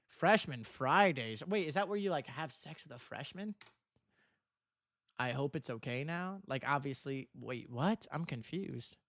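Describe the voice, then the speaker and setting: A young man on a livestream reads viewer messages aloud and answers with teasing, mock-earnest banter, tacking "bro" onto his lines. His medium-pitched, fairly bright voice has lively intonation and a measured pace, in studio-quality sound with no room sound.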